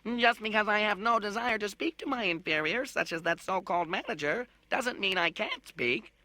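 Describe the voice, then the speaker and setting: A haughty high-voiced robot. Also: male voice, moderate pace, pushed and bright, no echo. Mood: indignant. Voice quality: high, clear, almost musical tenor. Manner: pompous and condescending. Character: haughty irritable little male robot. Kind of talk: audiobook narration with character voices.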